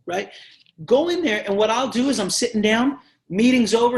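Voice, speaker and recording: A man's voice: very high-pitched, moderate pace, slight background noise. A man leading a sales team training, talking passionately and emphatically and acting out sales conversations. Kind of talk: energetic sales training talk.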